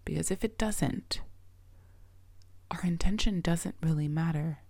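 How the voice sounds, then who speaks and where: A middle-aged woman with a low, gravelly voice hosts her own podcast as a coach. She speaks slowly and earnestly, often sinking into a soft, breathy near-whisper, and her tone is dark and mellow. The sound is dry and close. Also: no echo. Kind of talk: reflective solo podcast talk.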